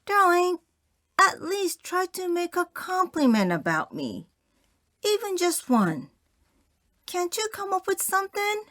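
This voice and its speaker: A woman's voice: very high-pitched, wildly swooping pitch, unhurried, fairly bright tone, voice pushed up, heavily acted. A woman voicing a wife who fretfully complains about her aging looks.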